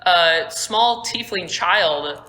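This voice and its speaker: A young adult woman with a lowish, animated voice speaks very slowly, her tone pushed and bright. She's game master for a tabletop game in a school room, narrating casually with plenty of fillers. A phone lying on the table picks her up, so the room sounds echoey.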